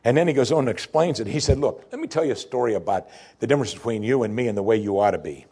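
Husky-voiced man preaching a sermon. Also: mid-range voice, expressive, racing, mellow. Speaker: pastor.

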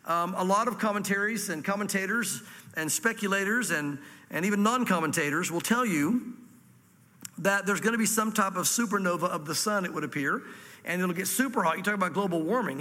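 A pastor from Virginia, USA, with a Southern accent teaches a sermon through scripture, sprinkling in folksy asides before a congregation in a church hall. His voice is high with a sharp tone, followed by a long reverb tail.

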